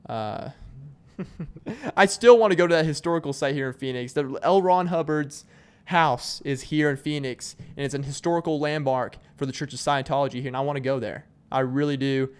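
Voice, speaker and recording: A man's voice: a little high, normal speed, clean tone. A young man from Arkansas, hosting his podcast in a loose, joking ramble full of fillers and restarts. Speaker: podcast host. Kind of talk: casual solo chat.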